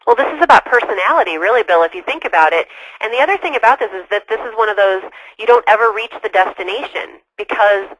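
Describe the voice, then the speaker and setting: Bright, enthusiastic woman in a sales webinar. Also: mid-range voice, lively intonation, fast talker, no echo, poor audio. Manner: enthusiastic, chatty. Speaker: sales guest expert.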